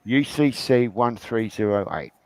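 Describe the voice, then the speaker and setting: A man's voice: medium pitch, a little slow, no echo, low-quality recording. A man, tired after a night shift, chatting casually on a video call and acting out people in his stories. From Australia. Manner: animated storyteller acting out courtroom voices. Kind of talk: casual chat.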